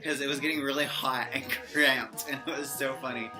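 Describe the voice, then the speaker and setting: A young woman excitedly telling a fan story in a casual vlog, gushing and giggly. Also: extremely low pitch, a little fast. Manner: gushing fangirl, giggly, animated quoting. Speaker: vlogger. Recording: music playing behind.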